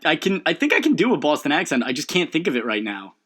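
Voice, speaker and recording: A man co-hosting a podcast in casual chat, laughing often and talking in halting bursts with fillers. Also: fairly high pitch, huge pitch swings, fairly bright tone. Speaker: podcast co-host.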